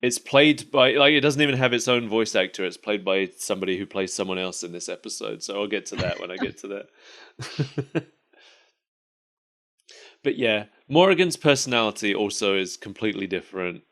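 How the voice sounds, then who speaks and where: A man's voice: on the low side, moderate pace, a bit bright. A man co-hosting a podcast in casual chat, rambling and laughing often at his own jokes. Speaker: podcast co-host.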